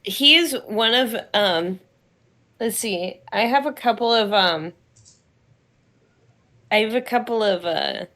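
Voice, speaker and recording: A young woman co-hosting a podcast in casual chat, playful and quick, laughing easily. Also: a little high, pushed and bright. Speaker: podcast co-host.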